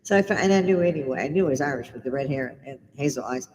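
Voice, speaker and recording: A woman's voice: a bass voice, racing, a little mellow, in a large hall, a little hiss or hum, rough recording. Blunt, swearing middle-aged woman streaming. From Britain. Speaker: live stream host. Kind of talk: casual livestream chat. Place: home bar.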